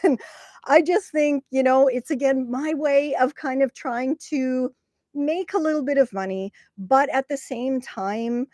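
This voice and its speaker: A woman's voice: high-pitched, measured pace, darkish tone, no echo. A woman hosting a casual livestream, chatty and rambling, laughing often and reading viewer comments aloud. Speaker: content creator hosting a livestream.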